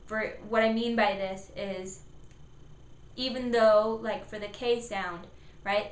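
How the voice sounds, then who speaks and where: A woman's voice: mid-range voice, a bit bright. Encouraging woman teaching in an echoey room. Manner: upbeat, encouraging, demonstrates sounds. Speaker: speech therapy tips presenter. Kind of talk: instructional talk to parents. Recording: echoey room, faint background noise.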